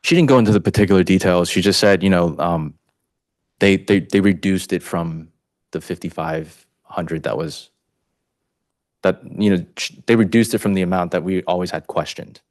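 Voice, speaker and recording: Deep-voiced man testifying in court. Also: a little mellow, dry recording, studio quality. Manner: halting, heavy use of "you know" fillers.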